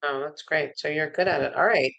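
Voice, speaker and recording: A woman host keeps her guest talking with short questions and encouraging asides. Her voice sits a little low. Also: a little fast, vocal fry, fairly bright tone, muffled recording. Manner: brief encouraging questions and interjections. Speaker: talk show host. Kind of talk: interviewing a guest.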